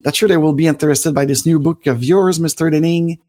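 A man's voice: on the high side, fairly even intonation, a little fast, mellow. A French-Canadian man in his forties with a Quebec French accent, hosting a rambling live stream with many fillers and restarts. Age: 40s. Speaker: livestream host.

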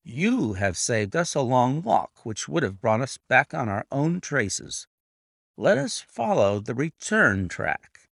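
A man voicing a calm, clever detective with a measured, composed manner in a read-aloud story. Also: mid-range voice, vocal fry, dry recording, clean studio sound, heavily acted. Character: calm, clever male detective, cool and assured.

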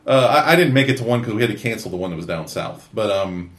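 A man's voice: lowish voice, expressive, quick pace. A man hosting a casual podcast in a studio, rambling with many fillers and restarts. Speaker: podcast host. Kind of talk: casual chat.

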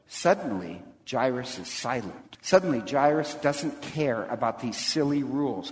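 A man's voice: medium pitch, in a large hall, poor audio. A man preaching a sermon, telling the story with animation and acting out the voices of the people in it.

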